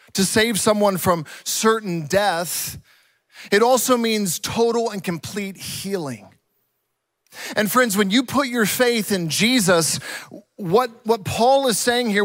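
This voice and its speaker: A man's voice: sits high, fairly bright tone, dry recording. A male pastor preaching a sermon, earnest and emphatic, repeating key words for weight.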